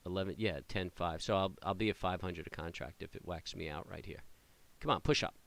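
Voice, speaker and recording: Casual male day trader with a deep, low voice, talking off the cuff through his trades, filler-heavy, excitable. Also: a little fast, gravelly. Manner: rambling, many fillers and restarts, excited cheering at the chart. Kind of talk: casual live trading commentary.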